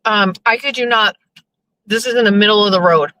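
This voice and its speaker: A woman's voice: medium pitch, a little fast, pushed and bright, dry recording, poor audio. A young woman host chatting casually to her listeners while driving, rambling and cursing in exasperation. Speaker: show host.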